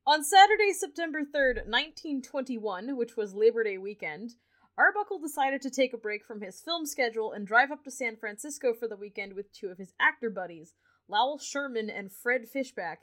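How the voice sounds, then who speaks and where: A woman's voice: fairly high pitch, animated, normal speed, a bit bright. A young woman hosting a podcast, chatting casually and retelling a history story, laughing often. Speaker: podcast host.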